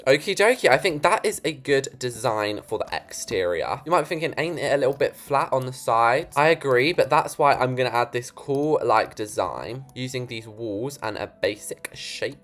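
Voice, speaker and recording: A British young man in his late teens chatting through a building game. He is giggly, self-mocking and easily excited. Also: mid-range voice, moderate pace, hardly any pauses. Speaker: gaming YouTuber. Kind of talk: casual gameplay commentary.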